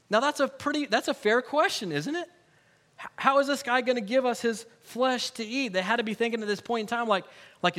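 A man's voice: extremely high pitch, fairly quick, fairly bright tone. A male pastor preaching a sermon in a conversational way, with humorous asides and emphatic repeated words.

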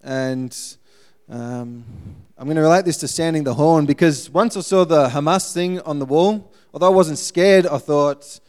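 A man giving a guest sermon, telling a missionary story in a lively way and acting out the people in it. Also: on the high side, normal speed, smooth.

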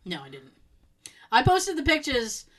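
A woman telling a long story in casual chat, animated and laughing as she acts out what people said. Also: high-pitched, a little slow, poor audio.

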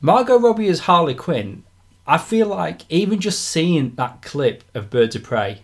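A man co-hosting a podcast, casually chatting about film news, opinionated and quick to laugh. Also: a little high, sing-song. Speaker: podcast co-host.

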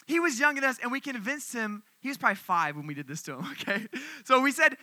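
Young male youth speaker, high voice, very bright tone, lively sermon storyteller. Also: quick pace, no room sound. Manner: animated storytelling to a crowd.

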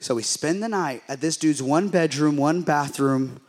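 A young adult man, a pastor, telling a funny story in a sermon with lively acted-out quotes. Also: a little high, normal speed.

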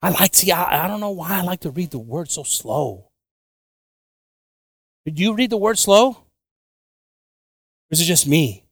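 A male preacher gives a sermon in two languages, moving back and forth between Spanish and English. His voice sits a little high and rises and falls freely as he makes joking asides. The sound is dry and close. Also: very animated, measured pace, long pauses, dry recording. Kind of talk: bilingual sermon.

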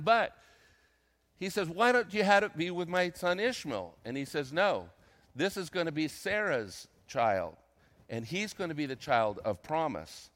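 An older man, a retired senior pastor, preaching a sermon, reading scripture slowly and acting out quotes between casual comments. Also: on the high side, fairly bright tone. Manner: reads scripture slowly, then comments conversationally with dramatized quotes.

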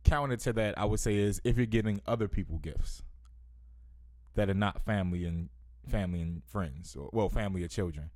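A man's voice: low-pitched, fairly quick, darkish tone. A man ranting animatedly in casual podcast chat, self-interrupting and saying "yo" constantly.

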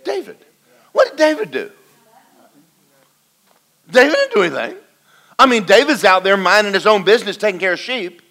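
A man preaching a folksy sermon to a congregation, swinging between loud and quiet. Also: high-pitched, very animated, moderate pace, long pauses. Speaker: pastor. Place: church in front of a congregation.

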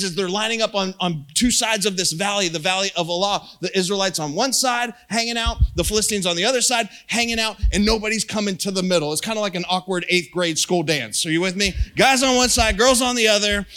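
A man preaching a casual, jokey sermon, telling a story and acting out quotes. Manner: animated, jokey, acts out quotes with rising pitch. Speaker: pastor.

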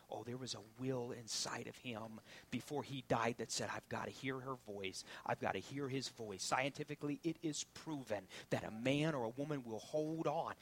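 A man preaching a sermon as pastor, swinging from loud preaching to hushed whispers. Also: mid-range voice, husky.

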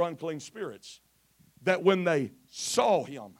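Male preacher, very high gravelly voice, shouted rhythmic sermon with constant "uh" beats. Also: expressive, normal speed. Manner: chanting, shouted cadence with frequent "uh" fillers; drops to quiet, low delivery at times. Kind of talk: Pentecostal sermon. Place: church.

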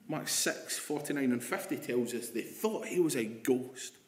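A man preaching a sermon, dropping to hushed, slow quotes and rising into emphatic passages. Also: medium pitch, lively intonation. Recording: echoey room.

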